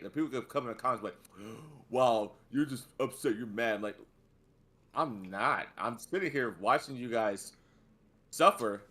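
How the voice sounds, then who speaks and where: A man's voice: medium pitch, sharp tone. A man co-hosting a podcast, talking bluntly and dismissively in casual chat. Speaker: podcast co-host.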